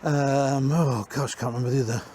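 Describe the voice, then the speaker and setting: A man's voice: medium pitch, steady tone, moderate pace, warm tone, slight background noise. A man giving a casual, rambling walk-around tour inside used caravans, chatting and correcting himself as he goes. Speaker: caravan industry reviewer.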